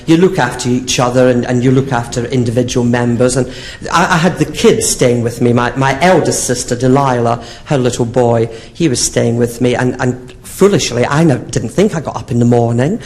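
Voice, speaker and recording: A man's voice: medium pitch, normal speed, darkish tone. A man doing a drag comedy act on a theatre stage, telling saucy stories in a camp, sing-song manner. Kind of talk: bawdy stand-up storytelling. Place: theatre stage, live show.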